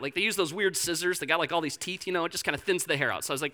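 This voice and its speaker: A young male pastor preaching with a high, bright, forceful voice. He tells stories with lots of humor and swings into playful quoted voices for the people in them. Casual and energetic in front of his congregation. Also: racing, hardly any pauses. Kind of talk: sermon.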